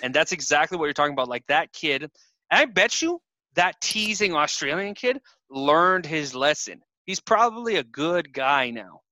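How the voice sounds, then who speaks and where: Man, bright edgy voice, fairly high, swears and laughs a lot, casual podcast chat. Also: normal speed, dry recording. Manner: laughs often, swears freely, animated storytelling. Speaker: podcast co-host. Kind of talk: crude casual banter.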